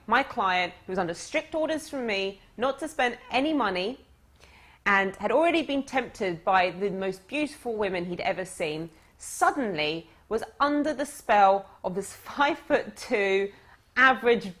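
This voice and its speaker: Animated woman telling a coaching story. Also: medium pitch, normal speed. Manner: animated anecdotal storyteller, conversational. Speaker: dating coach. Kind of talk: storytelling lesson.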